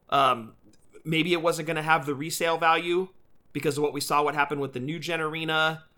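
An enthusiastic man co-hosting a casual podcast, tossing in "dude" as he talks. His voice is bright and forceful. It sits somewhat high for a man. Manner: enthusiastic, says "dude" a lot. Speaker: podcast co-host.

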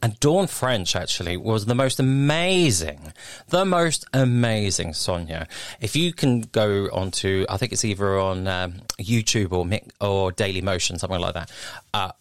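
A man's voice: on the low side, animated, normal speed, dry recording. A man presenting a radio show from a studio, cheery and upbeat with chatty asides.

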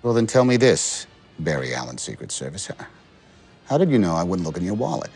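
An actor playing a stubborn middle-aged FBI agent in a film scene, speaking bluntly and insistently. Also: male voice, sits low, big pitch swings, a little fast, darkish tone, soft background music. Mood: stern. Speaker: federal agent.

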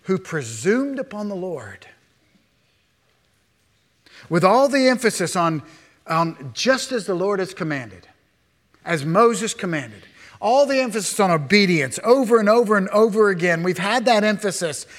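Higher-voiced preacher in a reverberant hall. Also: male voice, a little slow. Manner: animated preacher with rhetorical questions, voicing imagined speakers. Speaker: pastor. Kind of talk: sermon.

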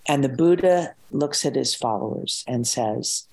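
A woman's voice: extremely low pitch, expressive, moderate pace, hardly any pauses, darkish tone, rough recording. An older woman, an author being interviewed, talking in a thoughtful, reflective way and repeating words as she gathers her thoughts. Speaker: author and guest.

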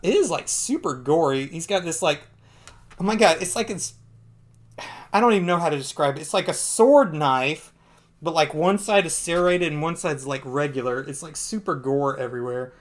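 A man's voice: a little high, normal speed. A man co-hosting a podcast, casually recapping a comic book with rambling asides, laughs and fillers. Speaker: podcast co-host.

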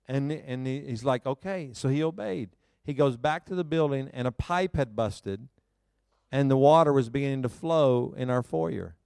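A male pastor preaching a sermon to a congregation, telling a personal story in an animated, self-mocking way and laughing often. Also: medium pitch, normal speed, vocal fry, clear, resonant tone, no room sound, studio quality. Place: church service before a live congregation.

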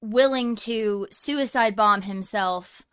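A young woman co-hosting a casual movie review chat, talking in a chatty, animated way. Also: mid-range voice, slow pace, clean tone. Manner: chatty, animated, laughs often. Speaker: podcast co-host.

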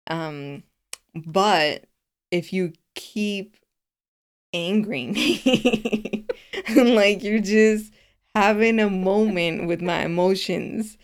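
A woman co-hosting a casual chat, talking things through out loud and laughing often. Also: mid-range voice, extremely slow, smooth. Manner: expressive and laughing, talks things through aloud. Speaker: podcast co-host.

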